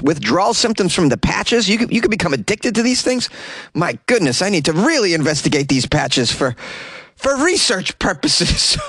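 A man's voice: a little high, fairly bright tone, dry recording. A man hosting a comedy news podcast, reading stories and breaking in with sarcastic, mock-outraged jokes and frequent laughs. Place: small closet.

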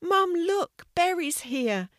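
Storyteller doing an excited little girl, high voice, storybook child. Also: normal speed, dry recording, clean studio sound, lightly acted. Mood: eager. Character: devoted little girl, eager and loving.

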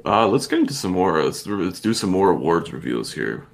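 A man's voice: low-pitched, very animated, normal speed, creaky. A man co-hosting a podcast in casual chat, laid back, laughing along and steering the segments. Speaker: podcast co-host.

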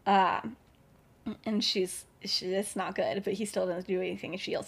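A woman's voice: mid-range voice, fairly even intonation, fairly quick, gravelly, husky. A woman hosting a podcast, retelling a story casually and at length. She fills her talk with fillers and chatty asides. Her voice sits in the middle of the range. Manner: chatty, with many filler words. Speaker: podcast host.

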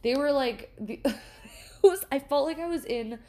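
Animated woman telling a swear-laden story. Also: sits high, moderate pace. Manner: animated, swears freely, restless with many likes and restarts. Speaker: podcast co-host. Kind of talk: casual storytelling chat.

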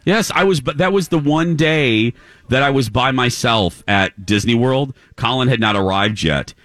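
A man's voice: medium pitch, normal speed, no echo, studio quality. A man hosting a morning radio show, telling a long story casually and acting out the voices of the people in it. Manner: animated, acts out voices in anecdotes. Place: live remote broadcast at a clinic.

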